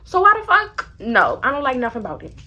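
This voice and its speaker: Young woman, high voice, blunt and profane storyteller for a vlog. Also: fast talker, a little hiss or hum. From Baltimore area. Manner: animated, blunt, slangy and profane. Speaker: vlogger.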